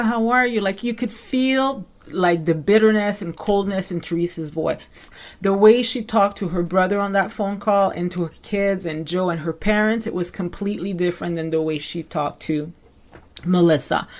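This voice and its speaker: A woman recapping a reality show in casual commentary, chatty and full of "like" fillers, acting out what people said. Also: mid-range voice. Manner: chatty, many "like" fillers, acts out quotes.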